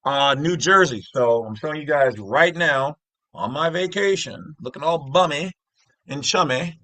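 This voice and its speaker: This middle-aged man, hosting his own channel, speaks a little slowly in a voice on the high side and a bit bright, captured in a dry recording. His casual screen explainer rambles along with jokey asides and repeated self-interruptions.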